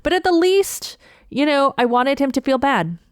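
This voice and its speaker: A woman from Toronto, a comedian telling a story on her podcast in an animated, indignant and profane way. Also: sits high, moderate pace, dry recording, clean studio sound. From Toronto, Canada. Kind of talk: storytelling monologue.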